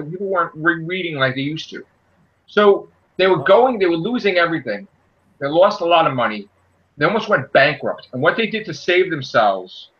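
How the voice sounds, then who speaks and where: A man hosting a casual group podcast, ranting animatedly and acting out quotes. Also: lo-fi sound. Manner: animated, ranting, acts out quotes in a high shouty voice. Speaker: podcast host.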